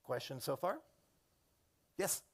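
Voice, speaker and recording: A man's voice: a little high, very animated, takes it slowly. A middle-aged man, a program coordinator and former teacher, giving a chatty, digressive classroom orientation and calling on students by name.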